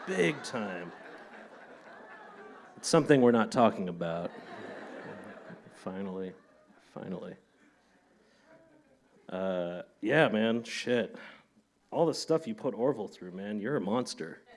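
A man's voice: lowish voice, lively intonation, slow, long pauses, noisy background. A man hosting a casual interview, talking loosely with laughter and casual swearing. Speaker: podcast host.

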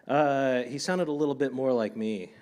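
A man's voice: mid-range voice, moderate pace, darkish tone, slight background noise. A man hosting a casual interview, talking loosely with laughter and casual swearing. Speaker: podcast host.

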